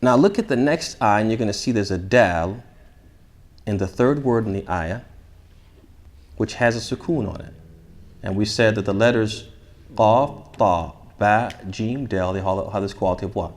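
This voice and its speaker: A man leading a tajweed class, explaining rules, asking his students questions and reciting Arabic phrases slowly for them to repeat. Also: on the low side. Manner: asks the class questions then answers them. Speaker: shaykh teaching tajweed. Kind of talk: interactive classroom lesson.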